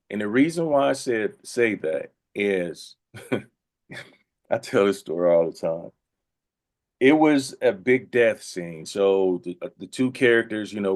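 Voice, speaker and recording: A man, an actor being interviewed, telling funny anecdotes in a casual, animated way, slipping into voiced quotes. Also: lowish voice. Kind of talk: casual storytelling.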